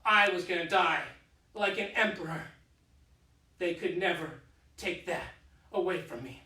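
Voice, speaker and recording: Whiny vain emperor in his 30s, high bright voice, echoey living room, mic far off. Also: measured pace, full character voice. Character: vain, childish deposed emperor, young man, self-pitying. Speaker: solo stage performer. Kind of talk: solo theatre monologue.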